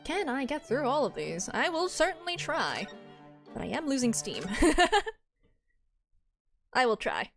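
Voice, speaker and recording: Woman streamer, casual commentary, slightly high, unhurried. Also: huge pitch swings, fairly bright tone, faint music behind. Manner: chatty, giggly asides.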